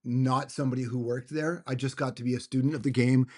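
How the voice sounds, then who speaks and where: Middle-aged male host, casual interview, earnest and reflective, generous with praise, voice at a middle pitch. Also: steady tone, fast, darkish tone. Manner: earnest, thoughtful, complimentary.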